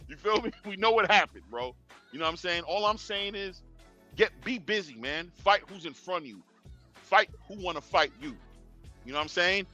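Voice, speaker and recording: A man's voice: fairly high pitch, pushed and bright. A young man hosting a boxing talk stream in casual street slang, lecturing fighters directly and chuckling. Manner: slangy, talks straight to fighters, chuckling asides. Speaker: boxing show host.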